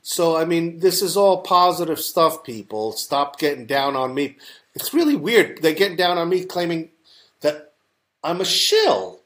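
A man's voice: on the high side, big pitch swings, measured pace, fairly bright tone. A man with a New York accent, a talk-show guest who rambles with many fillers and restarts. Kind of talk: casual talk-show conversation.

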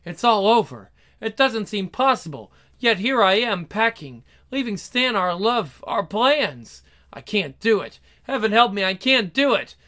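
A woman's voice: medium pitch, sing-song, a little slow, few pauses, fairly bright tone. An actress playing a devoted young wife who narrates her story in earnest, emotional 1940s radio acting. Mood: despairing.

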